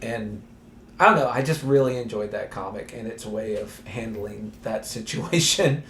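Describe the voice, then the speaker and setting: Brief: laid-back male podcast co-host, animated storyteller. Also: fairly low pitch, normal speed, slight background noise. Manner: animated, laughs often. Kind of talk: casual chat.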